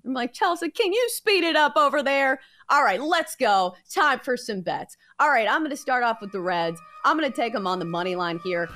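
A woman's voice: mid-range voice, fairly bright tone. A woman with a Southern accent co-hosting a sports betting podcast, chatty and breezy, teasing herself as she talks. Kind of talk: casual sports betting chat.

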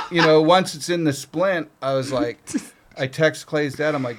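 With a medium-pitched voice, a little fast and with a slight hiss or hum, a middle-aged man from Canada guests on a podcast. He tells casual stories, swearing freely and performing the voices of the people he quotes.

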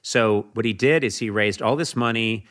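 A man's voice: fairly low pitch, moderate pace, a bit bright. A man as a podcast guest, telling an earnest story animatedly, with frequent restarts. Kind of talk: casual conversation.

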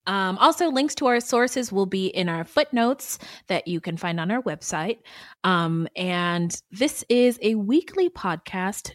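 Animated, swearing woman podcast co-host. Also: mid-range voice, unhurried, dry recording, soft background music. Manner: animated and profane, laughing often. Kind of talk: casual true-crime podcast chat.

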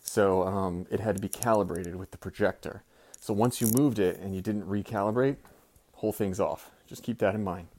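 Low-voiced man telling a story. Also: moderate pace. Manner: animated, swears, acts out quotes. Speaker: former teacher sending in a story. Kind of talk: casual storytelling.

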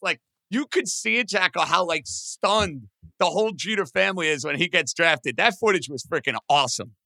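A man co-hosting a casual sports podcast, talking in an excitable way and leaning on "like" a lot. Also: high voice, no room sound. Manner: excitable, talks fast with lots of "like". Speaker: podcast co-host.

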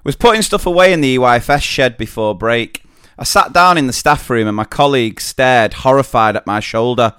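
Co-host: British man, smooth clear voice, dry close sound, expressive reading. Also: mid-range voice, moderate pace, no room sound. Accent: British English. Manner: reads stories out steadily, then jokes. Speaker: podcast co-host. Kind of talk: casual chat, reading listener stories.

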